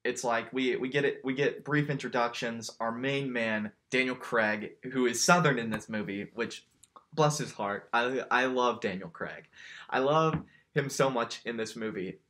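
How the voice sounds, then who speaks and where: A man's voice: mid-range voice, normal speed, fairly bright tone. A man co-hosting a podcast in a jokey, casual way, laughing often and stumbling into repeated words. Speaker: podcast co-host. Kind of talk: casual chat.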